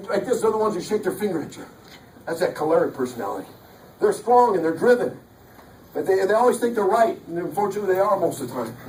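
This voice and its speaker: A man giving an energetic, joking motivational talk at a live sales event, often acting out voices. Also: sits high, background noise. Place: large hall. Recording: echoey hall from far off.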